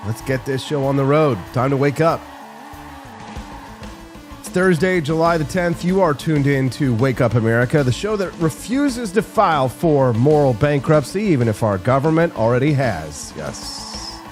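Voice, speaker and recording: A man hosting a live political talk show, joking and sarcastic with quick asides. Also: mid-range voice, expressive, faint music behind. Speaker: host.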